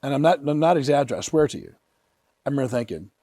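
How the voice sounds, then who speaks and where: A man in his fifties, an author telling personal stories in an earnest, animated way. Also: mid-range voice, rapid-fire, dry recording, studio quality. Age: 50s. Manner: animated, earnest, vivid retelling. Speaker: author and guest. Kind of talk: emotional personal storytelling.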